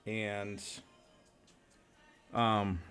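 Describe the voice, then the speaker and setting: A man's voice: lowish voice, level tone, drawn-out words, fairly bright tone, clean tone, faint music behind. A man hosting a morning radio show, chatting casually and rambling with fillers. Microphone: studio microphone.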